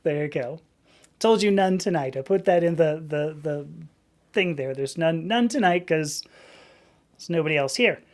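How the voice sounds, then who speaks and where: A woman's voice: low-pitched, normal speed. A woman in her fifties hosting a casual live stream. She rambles as she reads the chat, restarts her sentences often and laughs easily. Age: 50s. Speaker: livestream host.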